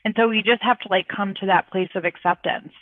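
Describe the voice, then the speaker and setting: A woman's voice: mid-range voice, fairly even intonation, brisk, no echo. Middle-aged female co-host heard over a tinny remote line, reflective and encouraging. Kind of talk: casual chat. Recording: dry tinny phone-like call audio.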